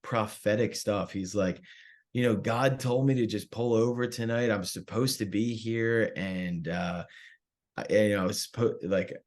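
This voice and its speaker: A man's voice: on the low side, unhurried. Man, telling a rowdy story. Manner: animated, profane, acts out quotes. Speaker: comedian guest. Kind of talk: casual storytelling.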